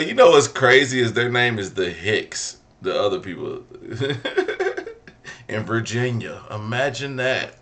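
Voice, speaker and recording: A man's voice: mid-range voice, gravelly, fairly bright tone. A man hosting a reaction video, teasing his viewers in playful joking commentary. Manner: playful, teasing, chuckling at the chat. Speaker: host reacting to a clip.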